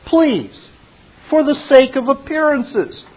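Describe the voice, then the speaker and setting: Brief: a man playing a smug, grandiose French-styled villain program, raised and high voice, dull lo-fi recording. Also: big pitch swings, slow pace, full character voice. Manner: grandiose, theatrical.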